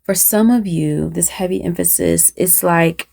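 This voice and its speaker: A woman channels a spiritual message straight to her viewers, speaking unscripted and meandering through plenty of fillers and restarts. She keeps asking "right?" and pauses to consult spirit. Her voice is lowish, steady, creaky and dark.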